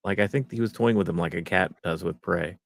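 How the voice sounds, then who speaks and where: A man co-hosting a podcast in casual chat, rambling and acting out quotes in a lowered voice. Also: brisk, gravelly, no room sound, clean studio sound. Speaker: podcast co-host.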